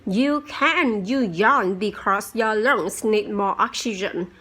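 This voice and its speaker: Woman playing a slow, patient teacher. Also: medium pitch, bright, forceful tone, husky, heavily acted. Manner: slow, careful, explanatory reading. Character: patient female schoolteacher explaining to a pupil.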